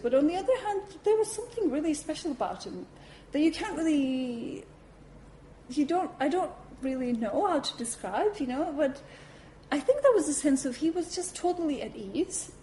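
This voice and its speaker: A woman giving a talk at a Buddhist centre, telling a personal story in a lively way, acting out her reactions and saying "you know" often. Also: sits high, a little hiss or hum, poor audio.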